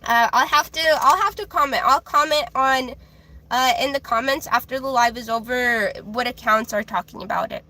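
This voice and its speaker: A woman with a high, childlike voice reads tarot on a live stream. She talks in loose, casual chat that is full of fillers and restarts. Her tone stays bright and sharp throughout. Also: moderate pace, poor audio.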